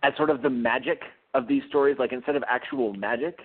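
A man guesting on an interview show, talking with eager energy and stumbling through fillers and restarts. His voice sits at an ordinary middle pitch. It comes through a narrow, phone-like line. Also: brisk. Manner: enthusiastic, with frequent fillers and restarts. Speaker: guest author. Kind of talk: casual interview chat. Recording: tinny phone-line sound.

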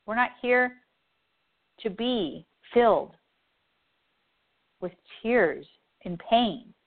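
A woman's voice: fairly high pitch, animated, very slow, vocal fry. Earnest woman host on a tinny line. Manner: heartfelt, repetitive, earnest. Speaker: radio show host and psychic advisor. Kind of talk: emotional spiritual talk.

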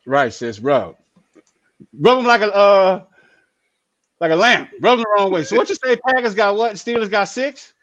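A man co-hosting a casual sports talk show, playful and animated, often jumping into excited high outbursts. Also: normal speed, pauses often, dry recording, muffled recording.

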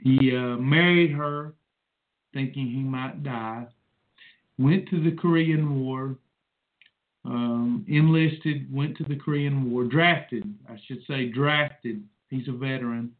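A man's voice: medium pitch, steady tone, slow pace. A man in his forties hosting a rambling personal monologue, emotional and preachy in manner. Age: 40s. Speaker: host. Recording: tinny phone-like sound.

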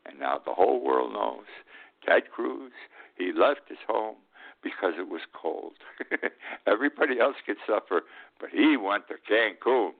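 Through tinny, phone-like radio audio comes a creaky, lowish voice with lively intonation: an older upstate New York man hosting a talk show. His commentary monologue is blunt and sarcastic, drawing out words for emphasis and often ending with "okay?".

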